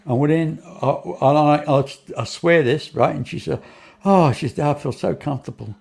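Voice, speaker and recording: A gravelly, slightly high-pitched older man speaks. He tells a personal story in a rambling way, restarting and repeating himself, and acts out the other people's lines as he goes. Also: moderate pace, darkish tone. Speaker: guest.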